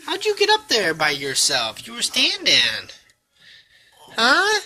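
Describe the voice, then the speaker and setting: A woman's voice: a little high, huge pitch swings, takes it slowly, sharp tone. A woman, a parent filming her baby at home, talking to her in a playful, teasing, sing-song voice.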